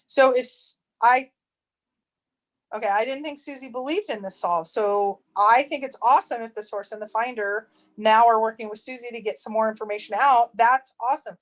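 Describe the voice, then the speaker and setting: A woman co-hosting a casual livestream chat, rambling with restarts and quick to laugh. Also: on the high side. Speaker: treasure hunt channel co-host.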